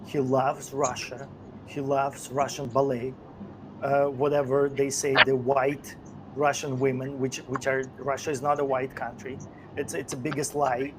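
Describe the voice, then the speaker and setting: A man's voice: mid-range voice, little pitch movement, unhurried, noisy background. A man co-hosting a casual chat show, ranting sarcastically with many fillers and restarts. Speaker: podcast co-host.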